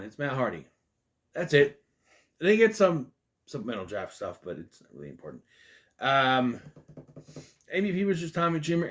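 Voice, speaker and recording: A man giving a casual, rambling recap of an old wrestling broadcast, full of fillers and side remarks. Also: mid-range voice. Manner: rambling, chatty, many fillers and asides. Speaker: host recapping a wrestling show.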